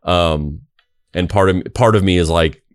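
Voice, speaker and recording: Low-voiced man in casual chat. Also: a little slow, clear, resonant tone, no room sound, studio quality. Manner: rambling, with many restarts and fillers. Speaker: podcast host.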